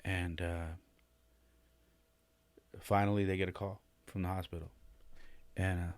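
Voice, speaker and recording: A man's voice: sits low, little pitch movement, unhurried, clear, resonant tone, no room sound. A podcast host, a man, telling a personal story in a rambling, casual way, with many restarts and repeated "man". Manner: rambling, many restarts and "man", rising and louder when emotional.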